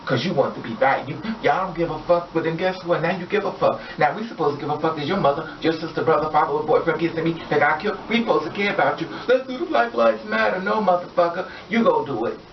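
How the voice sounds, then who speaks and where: A woman's voice: deep voice, fast talker, hardly any pauses, recorded from a distance, slight background noise. A woman vlogger delivering an angry, blunt, profane rant straight to her viewers. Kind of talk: impassioned rant to camera. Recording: echoey room, off mic, dull lo-fi sound.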